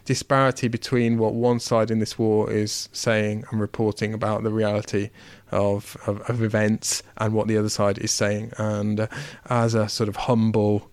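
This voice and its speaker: Smooth-voiced male podcast host. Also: on the low side, completely flat delivery, darkish tone, no room sound. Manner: measured, articulate, leading the talk. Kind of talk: casual panel discussion.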